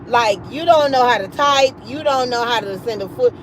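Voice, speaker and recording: High-voiced woman telling a story. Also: moderate pace, slight background noise, poor audio. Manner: animated, profane, acts out quoted voices. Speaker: livestream host. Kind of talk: casual storytelling on a livestream.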